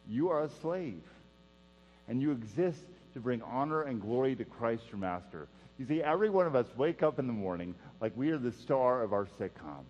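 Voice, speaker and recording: Man, pastor preaching, earnest, repeats key lines, long hall reverb, dull sound with mains hum. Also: mid-range voice. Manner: earnest preaching, repeats key phrases, drops to a hush for emphasis. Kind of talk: sermon.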